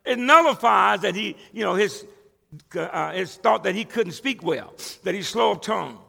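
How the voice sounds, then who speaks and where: Male preacher, bright gravelly voice, swoops up and down a lot, echoey church. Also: high voice, expressive, normal speed. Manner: emphatic, conversational preaching with repeated restarts. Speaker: pastor. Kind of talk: sermon. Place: church sanctuary with a congregation.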